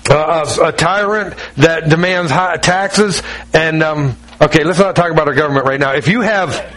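A man's voice: on the high side, moderate pace, a bit bright, rough recording. A man preaching a folksy sermon, joking with the congregation and acting out little scenes. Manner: folksy and joking, with acted-out asides. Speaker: pastor.

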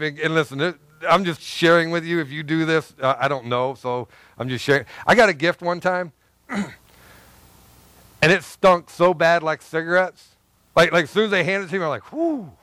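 A man preaching a sermon in a high, smooth, clear voice. He is a pastor who talks to his listeners in a loose, animated way, repeating phrases and acting out little asides. The sound is dry and close. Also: moderate pace, dry recording. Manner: animated, conversational preaching with repetitions and acted asides.

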